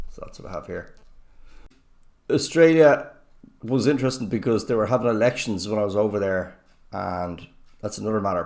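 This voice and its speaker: A man's voice: on the low side, darkish tone. A man talking to camera in a blunt, rambling casual monologue. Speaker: vlogger.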